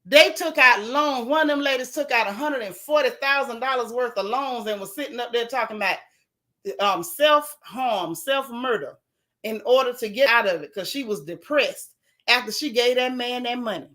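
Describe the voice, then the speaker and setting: Woman host, casual gossip chat; bright, punchy voice, a bit high, joking folksy storyteller. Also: normal speed. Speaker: show host.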